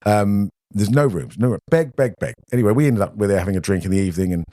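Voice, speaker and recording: Low-voiced British man telling stories. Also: lively intonation, fast talker, mellow, dry recording, studio quality. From Britain. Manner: rambling anecdotes, often acting out quoted voices. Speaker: podcast guest. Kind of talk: casual storytelling.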